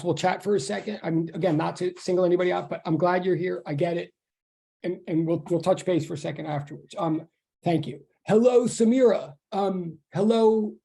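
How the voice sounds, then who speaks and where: A physics instructor opens an online class in a loose, rambling way, often restarting sentences. The voice is gravelly with a dark, mellow tone. It comes through a video call mic. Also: medium pitch. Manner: chatty and rambling, with many restarts. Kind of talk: casual online class introduction.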